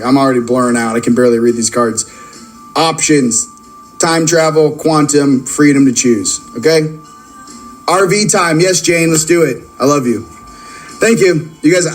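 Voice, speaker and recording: A man with a high-leaning voice hosts a casual spiritual card-reading video on his channel, rambling and joking as he addresses viewers directly. The recording is rough, with faint music in the background.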